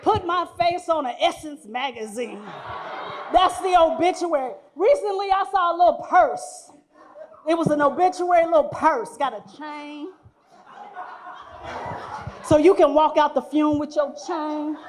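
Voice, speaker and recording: A woman's voice: high voice, measured pace, slight background noise. A woman, performing a stand-up comedy set, telling stories animatedly and acting out the people she quotes. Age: 40s. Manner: animated storytelling, acts out quoted voices. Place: live venue before guests.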